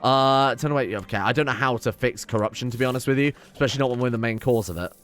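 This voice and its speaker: A man's voice: medium pitch, very fast, fairly bright tone, clear, resonant tone, soft background music. A young man casually commenting on his strategy game, reading event text aloud, wry and swearing now and then. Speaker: game streamer. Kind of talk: casual let's play commentary.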